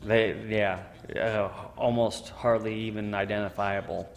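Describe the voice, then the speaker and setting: In an oral history interview, a Michigan veteran in his forties recounts his story with animation, acting out what people said and saying "you know" a lot. His voice sits lowish and moves a little slowly. A long reverb tail trails his words.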